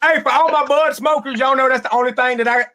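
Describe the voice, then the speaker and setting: A man from Maine, a guest musician chatting on a livestream, excited and quick to laugh. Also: very high voice. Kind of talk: casual chat on a livestream.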